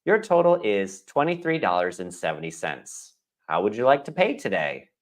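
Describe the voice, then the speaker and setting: A man's voice: on the low side, very animated, moderate pace. A man reading the part of a helpful post office clerk in a practice dialogue, in a plain, informative way.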